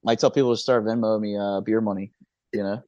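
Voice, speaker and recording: Low-voiced laid-back man, dull lo-fi sound. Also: steady tone, fast, a little mellow, no room sound. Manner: laid-back, stammering restarts, swearing and laughing. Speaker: podcast co-host. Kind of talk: casual chat. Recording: dull lo-fi podcast audio.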